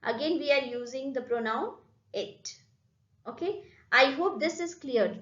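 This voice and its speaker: A woman with an Indian English accent teaching a grammar lesson, repeating points slowly and checking in with "okay" and "right". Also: high voice, fairly bright tone, reverberant, highs cut off. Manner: slow, repetitive, addresses students with "okay?" and "right?". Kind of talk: classroom lesson explanation.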